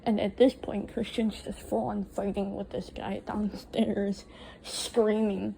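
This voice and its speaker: A woman's voice: medium pitch, little pitch movement, slow, vocal fry, mellow, a little hiss or hum, low-quality recording. A young woman casually recounting a night from her own life, blunt and swearing freely. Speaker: storyteller. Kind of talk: casual first-person storytelling.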